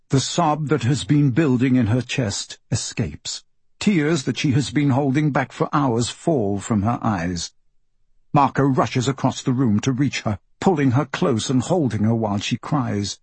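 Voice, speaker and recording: A man narrating a literary novel in a measured, even storytelling manner, close to the mic. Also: medium pitch, husky, dry recording. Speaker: audiobook narrator.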